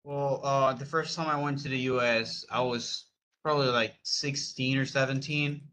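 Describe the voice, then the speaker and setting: A man's voice: medium pitch, fairly even intonation, normal speed, sharp tone. A man, a student in an online class, telling a casual story with many loose fillers over a video call.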